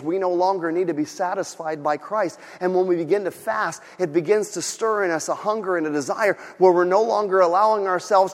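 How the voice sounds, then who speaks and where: High-voiced, passionate preacher man. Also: long reverb tail. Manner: passionate, swings from quiet asides to shouting. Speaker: pastor. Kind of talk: sermon.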